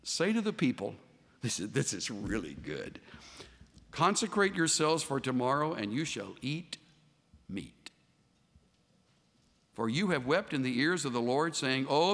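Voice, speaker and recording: A man preaching a sermon as a pastor, animated and voicing the figures he quotes. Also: mid-range voice, gravelly. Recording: long hall reverb.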